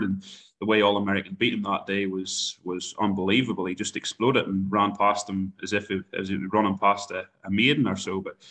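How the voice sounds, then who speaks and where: A young Irish man from Ireland who manages a stud farm, talking in a halting way with many repeated words and ums in an interview. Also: on the low side, a bit bright. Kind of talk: phone interview chat.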